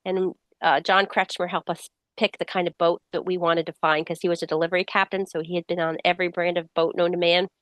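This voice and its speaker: A woman's voice: on the low side, fairly quick, hardly any pauses, dry recording. A middle-aged woman author, a guest with a slight cold, telling stories and acting out what people said. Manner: lively storyteller who acts out quoted dialogue. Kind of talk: casual interview storytelling.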